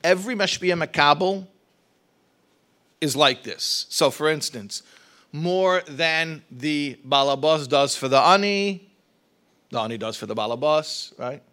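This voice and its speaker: Animated and sharp, a man with a fairly high voice teaches a religious study class. His explanations lean on rhetorical questions, quick restarts and repeated words.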